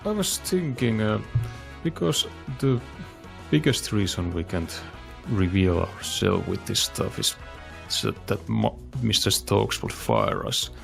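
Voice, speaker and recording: A man playing a tabletop game, hesitant and halting as he proposes ideas. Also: fairly low pitch, sing-song, vocal fry, soft background music. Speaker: player.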